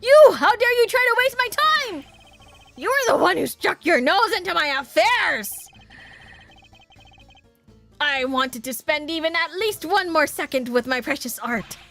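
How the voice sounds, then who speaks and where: A woman's voice: sits high, moderate pace, few pauses, a bit bright, soft background music. A woman voicing a pompous, haughty wealthy male art dealer in a theatrical, indignant manner, reading game dialogue on stream.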